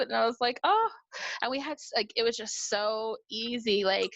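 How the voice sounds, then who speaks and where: A lively woman from New York chats as a guest over a video call, acting out what people said and laughing often. Her voice sits fairly high. The sound is dry and close. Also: normal speed, dry recording, highs cut off. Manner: animated storyteller, acts out quotes, laughs often.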